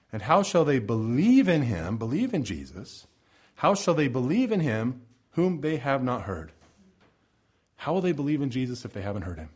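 A male pastor preaching a sermon in a church over the sound system, impassioned, swinging between loud pleading and soft low asides. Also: breathy edge. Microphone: church sound system microphone.

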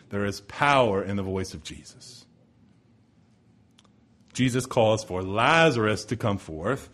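A man preaching a sermon as pastor, building to loud emphatic swells and slowing on key words. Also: mid-range voice.

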